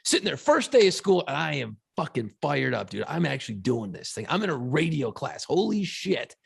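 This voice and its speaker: A man's voice: fairly high pitch, big pitch swings, moderate pace, creaky, breathy edge. A man co-hosting a podcast, telling stories in a profane, fired-up casual chat. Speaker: podcast co-host.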